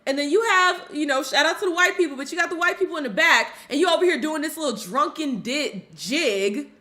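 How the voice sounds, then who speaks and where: Woman, high-pitched, bright, blunt heated commentary. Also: expressive, a little fast. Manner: blunt and heated, with profanity and rhetorical questions. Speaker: commentary streamer. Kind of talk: opinionated casual commentary.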